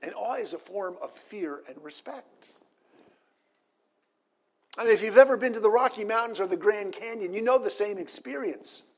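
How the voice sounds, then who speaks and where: A man's voice: high voice, animated, normal speed. A man preaching a sermon, reading scripture passages aloud in an earnest manner.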